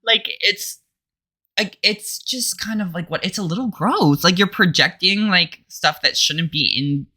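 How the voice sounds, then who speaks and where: A young man co-hosting a comedy podcast, telling stories in a camp, animated way with acted quotes. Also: high voice, a little slow. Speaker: podcast co-host. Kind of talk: casual comedic chat.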